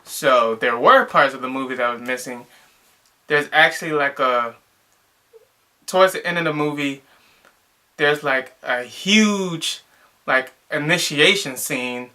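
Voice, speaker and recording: A man's voice: on the high side, a little slow, long pauses, bright, forceful tone. A young man casually reviewing a movie, rambling and exasperated, with lots of filler words.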